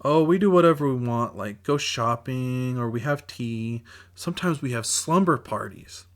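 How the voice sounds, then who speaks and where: A man's voice: medium pitch, animated, normal speed, voice pushed up, natural voice. A man voicing a frightened young girl, the narrator's little sister, in a childlike, pleading voice for a self-read audiobook. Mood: playful. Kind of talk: audiobook character voice.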